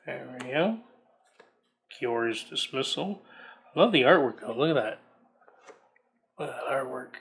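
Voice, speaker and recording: A man's voice: mid-range voice, expressive, unhurried, vocal fry, long pauses, fairly bright tone. A man casually reading out trading card text as he opens booster packs, musing aloud between cards. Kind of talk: casual unboxing commentary.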